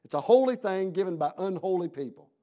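A man's voice: high voice, animated, a little fast, dark tone. A man preaching a sermon in a folksy, conversational way, asking his congregation questions.

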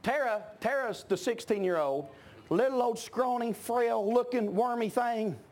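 A middle-aged man preaching a sermon, emphatic and shouting at his peaks. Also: very high voice, measured pace. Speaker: pastor.

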